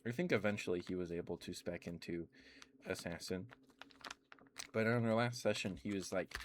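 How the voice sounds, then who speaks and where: Deep-voiced man rambling ASMR chat. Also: fairly quick, slight background noise. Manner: rambling, meandering, full of "like" and "um" fillers. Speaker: ASMR streamer. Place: home streaming setup.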